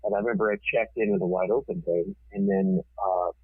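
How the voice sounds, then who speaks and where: A man, a TV producer and podcast guest, telling a story in a casual, forceful way and swearing freely. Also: sits low, steady tone, brisk, slightly rough, no echo. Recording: tinny phone-like sound.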